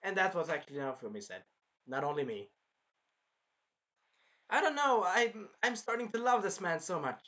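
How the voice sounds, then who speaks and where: With a high voice at normal speed and long pauses, a young man gives casual reaction commentary on an anime episode. He swears, rambles, stays animated and now and then performs the characters.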